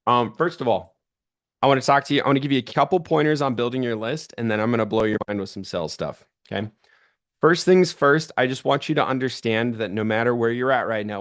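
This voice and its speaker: Speaking at a medium pitch, a thirtysomething man gives a lively sales training session. He's talkative and full of energy, performing the quoted phone conversations in his anecdotes.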